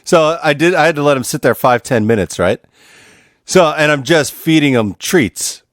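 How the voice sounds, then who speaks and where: A man's voice: a little high, expressive, normal speed, no room sound, studio quality. A man co-hosting a podcast, telling stories in casual banter, swearing often and laughing. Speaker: podcast co-host.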